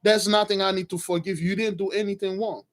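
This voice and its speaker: A man voicing a devoted young daughter who speaks softly and calmly while retelling a story. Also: high voice, fast, close to an everyday voice.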